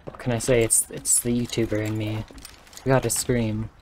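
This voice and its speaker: A man with a hoarse, worn-down voice gives rambling, excitable live commentary while streaming a game from his room. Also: lowish voice, moderate pace, slight background noise. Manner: rambling and excitable, joking and laughing. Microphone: desk microphone.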